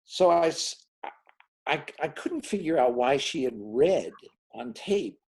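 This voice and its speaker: Man telling a lively showbiz story. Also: fairly high pitch, a little slow, rough recording. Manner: animated, acts out dialogue in quoted voices. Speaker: film director, guest. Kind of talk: anecdotal storytelling in an interview.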